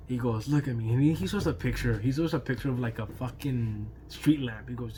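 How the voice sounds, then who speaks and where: A man's voice: medium pitch, normal speed, darkish tone, a little hiss or hum. Chatty man telling a story. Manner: loose and chatty, laughs between lines, swears casually; fills talk with "you know" and "right?". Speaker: YouTube storyteller. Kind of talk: casual storytime vlog.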